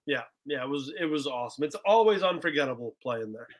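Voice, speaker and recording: A man in his twenties, a guest musician in a casual podcast chat, talking excitably and filling his speech with "bro" and "like". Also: mid-range voice, quick pace. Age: 20s.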